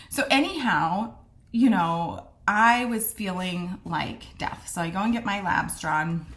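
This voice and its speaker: Brief: middle-aged woman, candid vlogger, mid-pitched, animated retelling with quoted back-and-forth. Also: normal speed. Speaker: midwife sharing her diagnosis story. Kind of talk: casual storytelling to camera.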